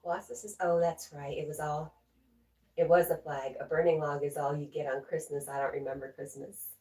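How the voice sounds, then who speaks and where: A middle-aged woman runs a home livestream on her laptop's microphone, with rough sound. Her voice sits low and a bit mellow, steady in tone and moderate in pace, as she chats, reads comments from viewers aloud, and keeps laughing at her own remarks.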